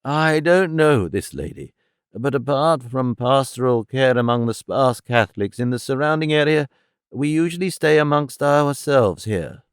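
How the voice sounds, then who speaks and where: A man's voice: medium pitch, expressive, normal speed, clean tone, no echo, clean studio sound, natural voice. A man voicing a polite, reserved older abbot who answers courteously but evasively.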